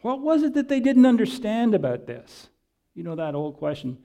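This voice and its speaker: A man preaching a conversational sermon, reading scripture and explaining it with frequent pauses and fillers. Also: on the high side, very animated, vocal fry, warm tone. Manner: reads and re-reads scripture quotations.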